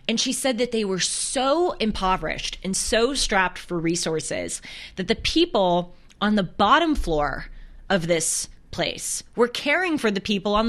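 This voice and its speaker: A woman's voice: mid-range voice, a bit bright. A young woman hosting a casual faith talk on camera, telling stories earnestly with small restarts. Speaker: host. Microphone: camera close to her.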